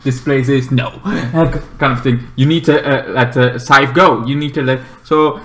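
A man recapping a TV episode in a loose, rambling way, full of fillers and restarts, with excited squeals in between. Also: medium pitch, normal speed. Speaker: TV show reviewer.

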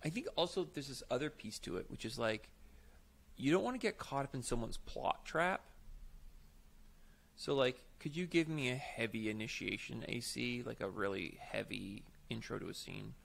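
A man's voice: medium pitch, expressive, moderate pace, gravelly, fairly bright tone. A man co-hosting a podcast, explaining improv technique in casual, emphatic chat. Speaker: podcast co-host, improv teacher.

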